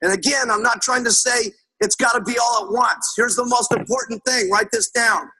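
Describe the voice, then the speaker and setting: A man's voice: extremely high pitch, fairly even intonation, normal speed, bright, forceful tone, soft background music, rough recording. A man giving a motivational sales talk, telling emphatic stories and often checking in with his listeners. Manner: emphatic storytelling, keeps asking "okay?". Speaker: sales trainer.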